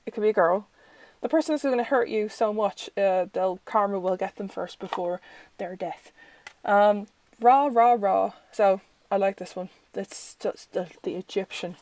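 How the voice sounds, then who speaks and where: A woman's voice: mid-range voice, darkish tone, no room sound, rough recording. An Irish woman reviewing a tarot deck in casual, rambling chat, full of fillers and self-corrections. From Ireland.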